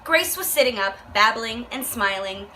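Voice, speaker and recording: A woman's voice: a little high, animated, normal speed, bright, forceful tone, a little hiss or hum, rough recording. A young woman vlogger reading a book aloud and reacting with profane, exasperated commentary. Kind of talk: casual rant, reading aloud.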